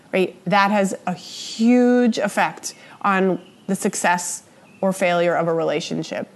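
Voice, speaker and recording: A woman teaching a lesson on relationships, explaining in a conversational way, checking in often with "right?" and acting out example quotes in a raised voice. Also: mid-range voice. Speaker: relationship educator. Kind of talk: spoken lecture on relationships.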